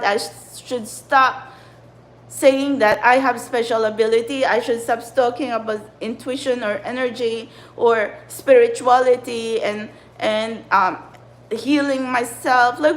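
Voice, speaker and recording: A woman's voice: fairly high pitch, rough recording. A woman who channels spiritual messages, venting in an agitated, profane, rambling rant to her viewers. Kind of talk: angry spiritual vlog rant.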